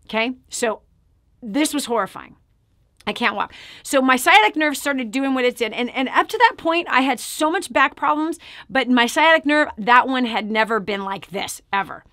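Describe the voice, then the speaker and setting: Emphatic woman host, higher voice. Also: no room sound, studio quality. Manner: emphatic, addresses listener directly; drops to a hushed, near-whispered delivery. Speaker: show host. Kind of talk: personal testimony to viewers.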